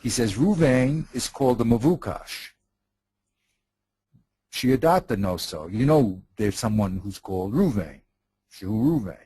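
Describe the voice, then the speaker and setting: A man's voice: mid-range voice, big pitch swings, a little slow, pauses often, warm tone, slightly rough, no echo, poor audio. A man teaching in a study session, patiently explaining a text, repeating himself and checking that his partner follows.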